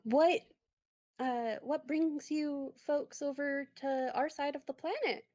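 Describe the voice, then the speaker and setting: A woman voicing a kind, refined older female scientist toon in a tabletop game, speaking gently and politely. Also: high-pitched, slow, dry recording, clean studio sound, voice pushed up. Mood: friendly.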